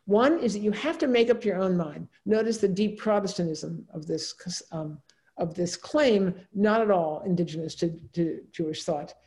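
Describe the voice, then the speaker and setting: A woman's voice: lowish voice, normal speed, warm tone. A woman giving a lecture, talking her audience through slides in a loose, conversational way with frequent asides and fillers.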